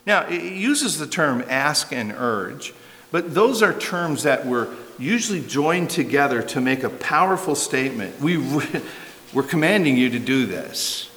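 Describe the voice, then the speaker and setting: A man's voice: medium pitch, sing-song, a little slow, fairly bright tone. An older man preaching a sermon as a pastor, conversational and emphatic, asking rhetorical questions and adding asides. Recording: long reverb of a large hall.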